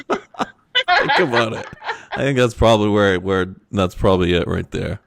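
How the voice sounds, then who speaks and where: Gravelly deep-voiced man, casual chat. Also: wildly swooping pitch, unhurried, a bit bright, no echo, clean studio sound. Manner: laughs often, rambling restarts. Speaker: podcast co-host.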